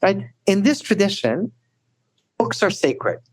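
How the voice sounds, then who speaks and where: A man telling stories as a guest scholar in a podcast interview, animated and often adding "right?". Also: slow pace, husky, no echo. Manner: animated storyteller, rising high for emphasis; frequent "right?" tags.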